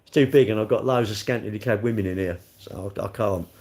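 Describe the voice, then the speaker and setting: A man's voice: fairly low pitch, fast talker, a little mellow. Rambling man chatting live. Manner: rambling, jokey, answering chat comments. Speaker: livestreamer reading chat. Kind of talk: casual live-stream chat.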